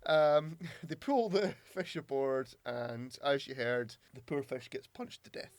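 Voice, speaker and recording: A man's voice: medium pitch, expressive, a little slow, dry recording. A man co-hosting a podcast, chatting casually in an emphatic, teasing way. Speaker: podcast co-host. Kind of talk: casual chat.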